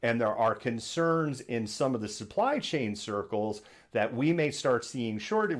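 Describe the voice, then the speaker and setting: A man hosting a live political news stream from a home studio, talking in a sarcastic, animated way and often slipping into mocking imitations. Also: mid-range voice, unhurried. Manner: sarcastic, acts out imagined voices.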